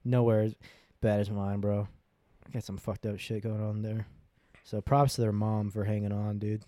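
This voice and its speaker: A man's voice: lowish voice, level tone, moderate pace, mellow, no echo. A man in his twenties telling crude stories in a casual, slangy way, often laughing and swearing. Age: 20s. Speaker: podcast host.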